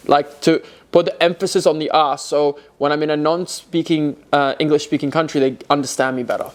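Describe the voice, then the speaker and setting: A young man with an Australian accent that has drifted toward American, talking in a casual Q&A. His voice sits a little high, and it jumps up sharply when something frustrates him. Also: a little fast, hardly any pauses. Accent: Australian, softened toward American. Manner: animated, rises sharply in pitch when frustrated. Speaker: co-host of a horse channel Q&A. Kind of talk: casual chat.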